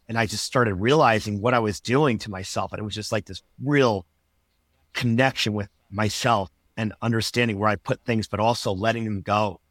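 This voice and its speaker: A man's voice: on the low side, steady tone, brisk, fairly bright tone, no echo, clean studio sound. A man, a podcast guest, telling his personal story in an earnest, reflective way.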